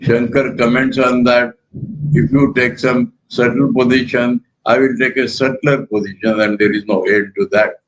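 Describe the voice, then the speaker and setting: An older man with an Indian accent, a monk giving a spiritual lecture in a measured, emphatic way that repeats key words. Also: mid-range voice, little pitch movement, dull audio.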